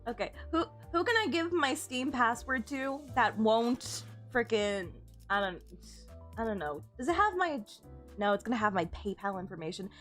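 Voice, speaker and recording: A woman's voice: fairly high pitch, sing-song, normal speed, a bit bright, faint music behind. A young woman streaming a game, chatting casually with frequent giggles and stammered restarts. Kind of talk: casual chat while gaming.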